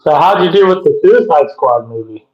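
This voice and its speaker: A man's voice: fairly high pitch, expressive, normal speed, a crowd in the background. A man co-hosting a podcast, chatting casually in an easygoing way with short replies. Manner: easygoing, brief responses. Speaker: podcast co-host. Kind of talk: casual chat. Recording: muffled, echoey remote audio.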